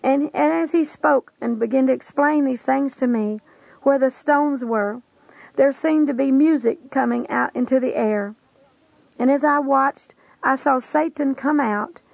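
A woman's voice: high-pitched, creaky, dry recording, rough recording. A woman preacher earnestly recounting a vision in a solemn testimony, with old-fashioned scriptural wording. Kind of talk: testimony sermon.

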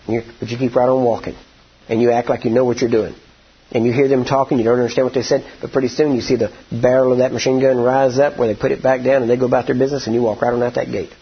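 A husky, breathy-voiced man preaching with folksy storytelling that builds to forceful declarations. The recording sounds dull and lo-fi. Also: medium pitch. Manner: folksy, drawn-out storytelling, rising to emphatic declarations. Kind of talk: sermon with storytelling.

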